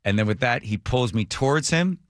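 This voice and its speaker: A man hosting a talk radio show, telling a story with lively acted-out quotes in a studio. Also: mid-range voice, a little fast, no echo. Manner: acts out quotes with big voice swings.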